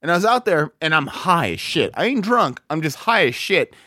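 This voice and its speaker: A man's voice: a little high, sing-song, moderate pace, bright, forceful tone, dry recording, clean studio sound. Rambling, profane man telling a story. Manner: rambling, profane, many fillers and restarts. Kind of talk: casual storytelling chat.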